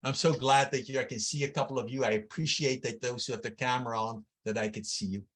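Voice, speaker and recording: A man's voice: medium pitch, fairly even intonation, fast talker. Man leading an online breathing workshop. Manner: conversational, with frequent restarts and lists. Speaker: workshop facilitator. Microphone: video call.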